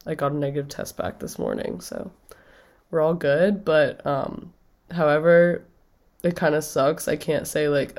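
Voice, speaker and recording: A young woman hosting a casual radio show, stuffy with a cold, talking with vocal fry and rambling with lots of fillers. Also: deep voice, very animated, unhurried, a little mellow. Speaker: radio host. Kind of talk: casual chat.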